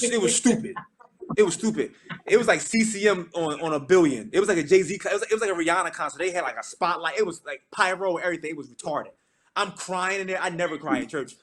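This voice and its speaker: Animated slangy man telling a story. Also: fairly high pitch. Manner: animated, slangy storytelling with lively quoted asides. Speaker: gospel singer giving testimony. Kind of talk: storytelling testimony to a church audience.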